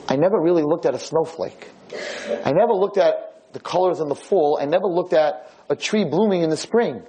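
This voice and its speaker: A man voicing an elderly blind nursing home resident who speaks in a pleading, heartfelt, insistent way, with a husky voice. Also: fairly high pitch, dark tone, low-quality recording. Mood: grateful.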